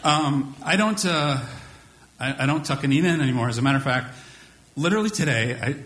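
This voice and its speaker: A man's voice: on the high side, expressive, a little fast, fairly bright tone. A middle-aged man telling a personal story on stage before a live audience, with a wry, self-deprecating comic delivery.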